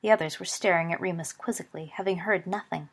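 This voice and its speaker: A woman's voice: lowish voice, fast talker. Woman reading a story aloud. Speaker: narrator.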